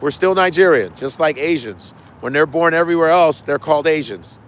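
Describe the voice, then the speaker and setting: Brief: male comedian, loose profane livestream chat, repeats punchlines, slightly raised pitch, faint outdoor traffic noise. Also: animated, fairly quick. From United States. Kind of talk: casual chat with viewers.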